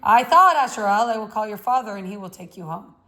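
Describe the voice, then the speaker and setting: An earnest elderly bearded official, stern yet worried as he presses a distracted pupil, as a woman reading a novel puts him on. His voice stays mid-pitched and plainly spoken, more lecture than drama. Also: animated, fast, fairly bright tone, natural voice. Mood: concerned. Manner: stern yet concerned pleading. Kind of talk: novel read aloud.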